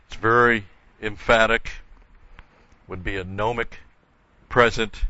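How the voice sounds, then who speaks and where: A man's voice: on the low side, measured pace, sharp tone, no echo, muffled recording. An older man teaching a verse-by-verse Bible study, explaining carefully with frequent restarts and emphatic repetition.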